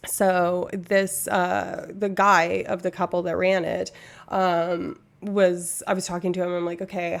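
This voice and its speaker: A woman's voice: medium pitch, gravelly. A woman streaming live from home, talking casually with lots of fillers, tangents and swearing.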